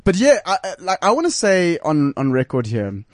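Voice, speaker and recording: A man's voice: a little high, huge pitch swings, moderate pace, no room sound, clean studio sound. A man co-hosting a radio talk show, teasing and jokey. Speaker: radio co-host.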